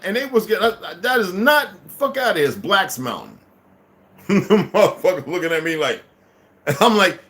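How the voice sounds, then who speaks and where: A man's voice: high-pitched, big pitch swings, normal speed, a bit bright. Man ranting heatedly, profanity-laced. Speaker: vlogger. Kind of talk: unscripted monologue.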